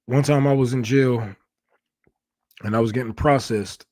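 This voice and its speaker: A male livestream host talks in loose, rambling commentary, full of slang and swearing. His voice sits at a middling pitch and sounds dry and close, with little room sound around it. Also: fairly even intonation, normal speed, a little mellow, no echo. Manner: profane, rambling, heavy slang.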